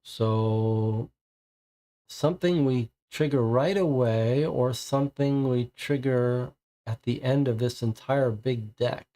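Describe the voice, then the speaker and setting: A man playing a solo board game on stream, narrating the cards and then deliberating out loud. His voice sits at an average pitch, and he talks his choices through to himself. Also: slow. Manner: deliberating, muttering options to himself. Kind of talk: reading card text and thinking aloud during solo play.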